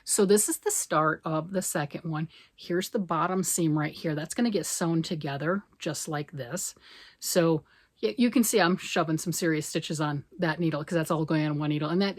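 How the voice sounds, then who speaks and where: Chatty grandmother with a lowish voice. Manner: chatty, rambling, self-deprecating. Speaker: knitting vlogger. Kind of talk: casual knitting chat.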